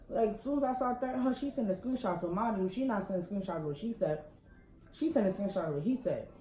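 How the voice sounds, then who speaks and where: A woman's voice: on the low side, mellow. Ranting young New woman, echoey room. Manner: heated, ranting, fast slang. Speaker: couple vlogger. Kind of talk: casual storytelling vlog. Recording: echoey room with background noise.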